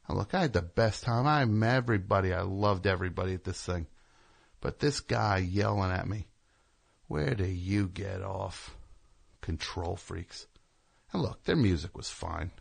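Gravelly guy ranting on his show, sarcastic and worked up, kinda low, bright edge. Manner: indignant, rambling, sarcastic. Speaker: host. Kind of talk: comedic monologue rant.

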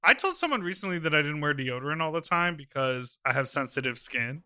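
A man's voice: on the high side, animated, brisk, pushed and bright. A man co-hosting a podcast, chatting in a loose, rambling way with many fillers. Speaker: podcast co-host. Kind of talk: casual chat.

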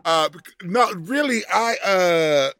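A man's voice: sits high, animated, takes it slowly, pushed and bright, clean tone, no echo, clean studio sound. A man co-hosting a podcast, talking in an emphatic, sassy drawl. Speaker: podcast co-host. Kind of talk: casual podcast chat.

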